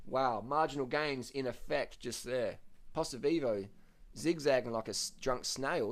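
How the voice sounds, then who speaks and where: A man giving loose, profane commentary over cycling race footage, his voice jumping up high when he gets excited. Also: a little slow. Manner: swears often, voice jumps up when excited.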